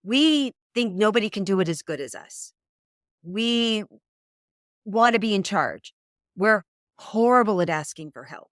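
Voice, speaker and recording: A middle-aged woman talking as a dating coach in an interview, an animated storyteller who acts out quoted voices. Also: mid-range voice, a little slow, long pauses, no echo, studio quality. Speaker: dating coach, podcast guest. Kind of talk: conversational interview.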